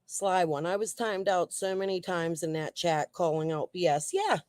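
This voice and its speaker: A woman's voice: lowish voice, animated, moderate pace, a little mellow, dry recording. A woman hosting a casual true crime livestream and reading the chat, talking in a blunt, heated way that is full of swearing.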